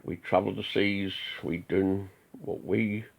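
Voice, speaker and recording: A man's voice: low voice, fairly even intonation, a little slow, vocal fry. A man from an Odinist group giving a preachy, defiant rant full of rhetorical questions. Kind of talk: ranting monologue. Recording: tinny phone-like audio.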